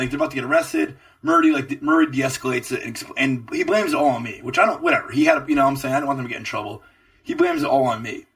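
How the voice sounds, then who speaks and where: A young man co-hosting a podcast, telling a long story in a loose, profane way with lots of energy. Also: distant mic. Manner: animated, profane storytelling with swooping pitch. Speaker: podcast co-host. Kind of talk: casual storytelling chat.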